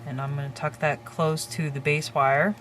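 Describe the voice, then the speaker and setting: A woman hosting a crafting tutorial, calmly talking through each step while she works with her hands. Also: low-pitched, background noise. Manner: calm, unhurried, talks while working with her hands.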